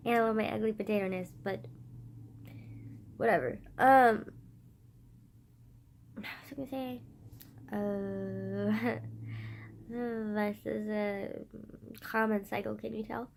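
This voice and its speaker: A woman vlogging to her phone's front camera, rambling casually with a squeaky voice gone slightly husky from being sick. She is loud and giggly, swears freely, and pokes fun at herself. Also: steady tone, takes it slowly, long pauses. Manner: loud, giggly, swears a lot, self-mocking.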